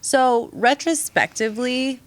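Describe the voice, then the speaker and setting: A woman's voice: sits high, a little slow. A young woman hosting a casual podcast chat, telling stories bluntly and swearing freely. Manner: animated, blunt storyteller who swears freely. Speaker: podcast host.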